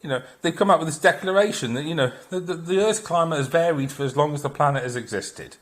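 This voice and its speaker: A man's voice: on the high side, quick pace. A middle-aged man delivering a blunt, profane, heated solo opinion rant. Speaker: commentator.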